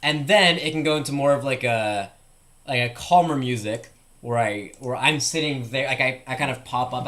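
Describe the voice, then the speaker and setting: A man's voice: medium pitch, pushed and bright. A young man streaming live, thinking aloud in casual chat with lots of "like" fillers.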